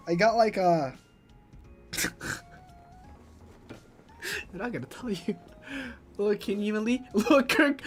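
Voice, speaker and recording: A young man in his twenties chatting casually on a stream and reading chat aloud. He is excitable and swings from low mutters into loud shrieks. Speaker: VTuber streamer.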